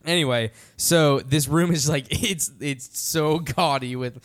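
A young man telling a story in casual podcast chat, animated and full of "like" fillers. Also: a little high, measured pace. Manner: animated, heavy use of "like" fillers. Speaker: podcast storyteller, band member.

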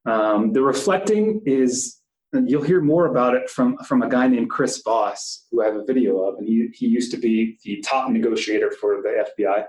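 A man's voice: mid-range voice, echoey room, rough recording. A middle-aged man who works as a police instructor, teaching a class in a conversational way with fillers and asides.

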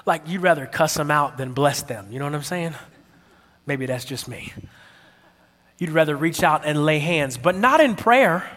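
A man preaching a sermon, telling a story with lively energy and calling out to his audience. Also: a little high, moderate pace. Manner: animated storytelling, calls out to the audience. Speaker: pastor. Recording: long hall reverb.

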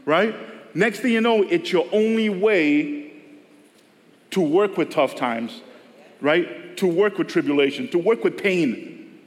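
Preaching to a church service, this pastor's high voice is animated, yet he takes his time and pauses often. He speaks conversationally, voicing the people he quotes, while a church hall's long reverb surrounds him.

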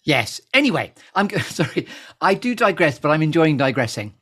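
Chatty theatrical guy hosting a live podcast, higher voice, goes off on tangents. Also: big pitch swings, moderate pace, fairly bright tone, husky. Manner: playful, digressive, theatrical. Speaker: podcast host. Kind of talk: chatty interview on a live stream.

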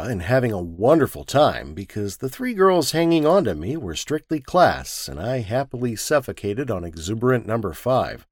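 A man narrating a first-person story with a wisecracking, lively storytelling manner. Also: medium pitch, no echo, studio quality.

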